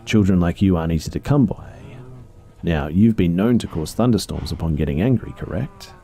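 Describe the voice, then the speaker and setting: A man with a deep, gravelly yet mellow voice speaks fairly quickly as a coldly polite professor experimenting on a captive. His delivery is smooth and menacing, courteous but patronizing.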